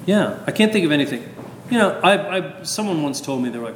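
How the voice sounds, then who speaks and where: A man in his fifties, a priest, talking casually about confession in an animated, chatty way full of asides and fillers. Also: on the high side, fast talker, slight background noise. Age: 50s. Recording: echoey room with long reverb.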